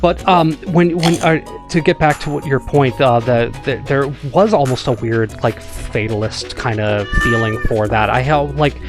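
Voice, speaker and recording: A man's voice: medium pitch, measured pace, hardly any pauses. Rambling Midwestern man over game music. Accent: Midwestern American. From United States. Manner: rambling and reflective, full of hedges and restarts. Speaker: co-host, gamer. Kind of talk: casual chat while playing a farming game.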